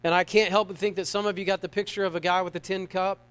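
High-voiced man preaching a sermon. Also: level tone, fast talker, fairly bright tone, clean tone. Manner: conversational, humorous, asks the congregation questions. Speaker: pastor.

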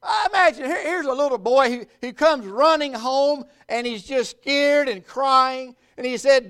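A male pastor preaching with a very high, clear, smooth voice. He leans into his words, pausing for effect and swinging between loud and quiet. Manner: emphatic, with dramatic pauses and swings in volume. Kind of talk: sermon.

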